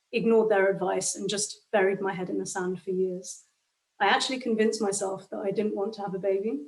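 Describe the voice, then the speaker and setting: A woman in her thirties reading a personal account in a steady, flat way. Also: medium pitch, far from the mic, poor audio. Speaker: guest sharing her fertility story.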